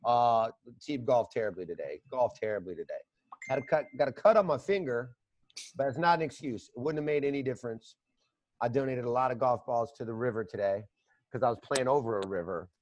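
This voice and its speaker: A man's voice: medium pitch, brisk, darkish tone, highs cut off, slight background noise. A man hosting a podcast, rambling through profane stories in casual chat on a close mic. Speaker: podcast host.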